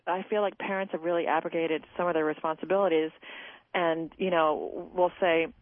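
A woman's voice: sits low, steady tone, a little fast, no room sound. A woman, a cookbook author, talking emphatically as a guest on a radio show. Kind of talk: radio interview. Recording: tinny phone line.

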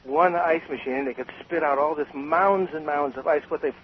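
An older man, a guest on a radio talk show, telling stories about bartending with animated emphasis. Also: a little high, fairly quick. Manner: animated storyteller, emphatic with laughs. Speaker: guest, cocktail author and former bartender. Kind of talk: radio interview. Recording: slightly dull radio sound with faint hiss.

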